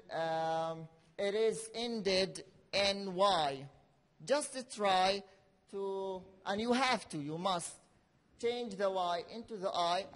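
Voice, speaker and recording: A male teacher giving a classroom grammar lesson, speaking slowly and repeating key words for his learners. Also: high-pitched. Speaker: English teacher. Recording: reverberant classroom hall.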